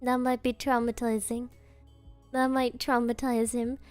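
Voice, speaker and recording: A woman's voice: on the high side, flat delivery, unhurried, a little mellow, no room sound, soft background music. A young woman streaming as a VTuber, chatting casually and rambling with giggles and playful quoted voices.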